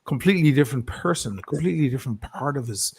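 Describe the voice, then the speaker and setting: Low raspy guy talking movies casually, swears a lot, does quick impressions. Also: animated, a little mellow. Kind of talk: casual chat.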